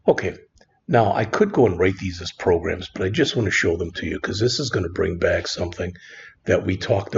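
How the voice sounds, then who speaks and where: A man walks through a coding lesson in a relaxed, conversational way, often pausing on "all right". His voice sits low and is very husky and gravelly. It comes through a dull, lo-fi screen recording. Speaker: programming instructor.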